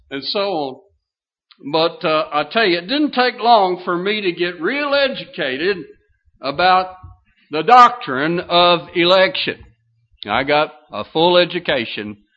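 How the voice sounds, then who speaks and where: Older guy preacher, slow folksy storytelling sermon, lo-fi dull sound. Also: on the high side. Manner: folksy storyteller, drawn-out phrases, many fillers. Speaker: pastor.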